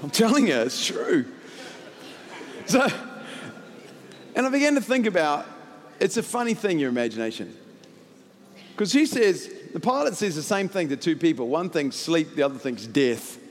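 A male pastor preaches from the stage of a large church hall, his fairly high voice trailing a long reverb. He tells stories in a lively, joking way and pushes up into shouted climaxes. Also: normal speed, pauses often. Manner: animated, jokey storyteller who shouts into loud climaxes. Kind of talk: sermon with storytelling.

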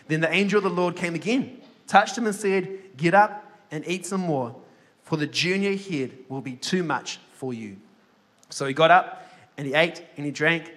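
A man leading a sermon, reading scripture aloud with slow emphasis and joking asides to the congregation. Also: fairly high pitch, fairly bright tone, in a large hall. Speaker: head of a ministry school, preacher.

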